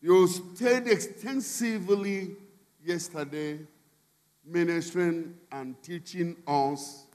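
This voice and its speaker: High-voiced bishop preaching in a hall. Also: male voice, slow. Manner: emphatic, swinging from quiet asides to shouted appeals. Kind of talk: sermon. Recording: long reverb in a large hall.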